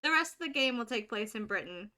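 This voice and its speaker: A woman gaming streamer commenting live, excitable and blunt, swearing and laughing at the game. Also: fairly high pitch, fast, noisy background. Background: game music.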